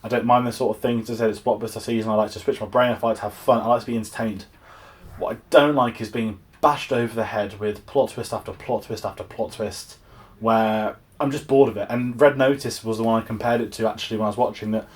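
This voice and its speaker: A man's voice: on the low side, fairly even intonation, fast talker. A young English man giving a casual, exasperated film review, rambling with frequent restarts. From England.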